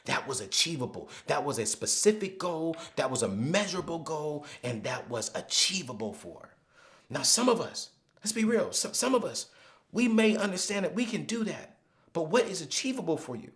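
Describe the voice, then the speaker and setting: A man's voice: a little high, sing-song, moderate pace. Emphatic man teaching money goals. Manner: emphatic, repeats phrases, drops to hushed storytelling. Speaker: finance coach hosting a webinar. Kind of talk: live motivational money teaching.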